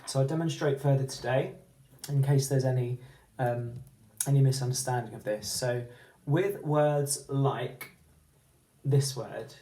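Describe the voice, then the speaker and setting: Slow, mellow-voiced male phonics teacher. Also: mid-range voice, reverberant, rough recording. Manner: slow, deliberate, sounding out letters. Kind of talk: phonics lesson.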